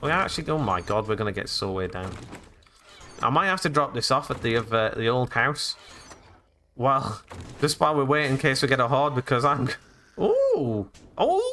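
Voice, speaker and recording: A man's voice: medium pitch, sharp tone, a little hiss or hum. A man hosting a let's play video, chatting and joking his way through a game and talking to the characters. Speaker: gaming channel host.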